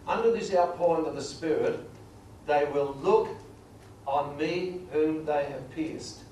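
Guy preaching a bible study sermon, leans hard on the verses, kinda far off mic, faint noise behind. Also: on the high side. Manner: numbered points, reads verses slowly and emphatically; grows quiet and emotional at times. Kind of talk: sermon teaching from scripture. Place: large echoey hall. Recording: echoey hall recording from far off.

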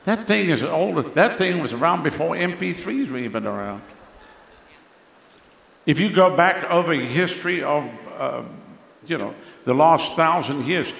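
A middle-aged male pastor preaching a sermon, swinging between loud declarations and hushed asides. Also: a little high, gravelly. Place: large church hall. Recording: echoey hall reverb.

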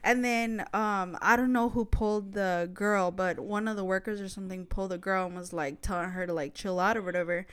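A woman's voice: medium pitch, steady tone, fairly quick, hardly any pauses, smooth. A woman telling a story in casual conversation, chatty and blunt, with frequent swearing. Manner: chatty and profane, speaks bluntly.

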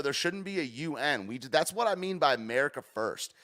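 A young man giving casual, rambling commentary as he reacts to a clip, swinging between loud and soft. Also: mid-range voice, lively intonation, brisk, few pauses. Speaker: streamer reacting to a news clip.

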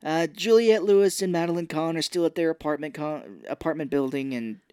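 A man's voice: a little high, fairly quick, a little mellow, smooth, no room sound, clean studio sound. An American man co-hosting a podcast, casually recapping a movie and acting out its characters in exaggerated voices. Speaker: podcast co-host.

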